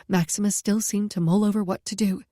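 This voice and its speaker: A woman reading a first-person story aloud at a steady pace, close to the mic. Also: medium pitch, fairly quick, dry recording. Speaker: audiobook narrator.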